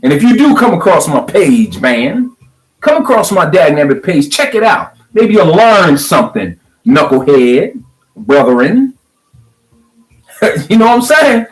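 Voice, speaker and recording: Hyped middle-aged guy with AAVE ranting on his vlog, voice a bit high, swings all over. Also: a little slow, soft background music, low-quality recording. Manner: animated, preachy, swings from hyped to calm. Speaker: video blogger. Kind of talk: fired-up social media rant.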